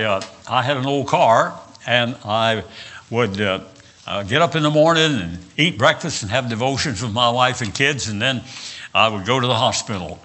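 A man's voice: mid-range voice, bright, forceful tone. An older man from West Virginia with a Southern accent, preaching a sermon and telling folksy personal stories with frequent "uh"s and repeated words.

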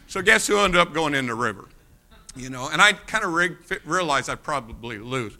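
A preacher from the United States tells a lively story in a sermon. His voice sits a little high and has a very bright, sharp edge. He keeps turning to address the congregation directly. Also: brisk.

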